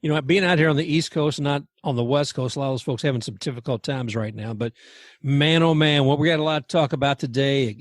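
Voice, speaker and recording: A chatty male podcast host talking about sports, rambling and laughing easily. His voice sits a little higher than most men's, and it is recorded dry and close. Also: no room sound. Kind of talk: casual sports talk.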